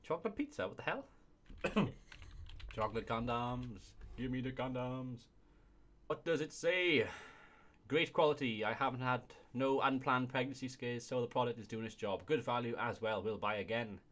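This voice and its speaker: A young man hosts a casual comedy video, reading reviews aloud in a medium-pitched, slightly bright voice at normal speed. He's giggly and keeps cracking up as he goes.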